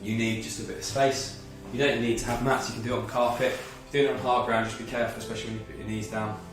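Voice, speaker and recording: A man's voice: medium pitch, little pitch movement, quick pace, heavy reverb, recorded from a distance, over music. A man leading a guided movement and mindfulness workout as a fitness instructor, slightly out of breath, talking through each move step by step. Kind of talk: guided exercise class.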